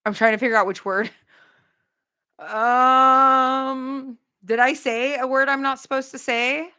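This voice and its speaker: Bright, chatty woman livestreaming. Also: on the high side. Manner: chatty, blunt, no-filter talk with quick asides. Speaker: livestream host. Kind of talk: casual livestream chat.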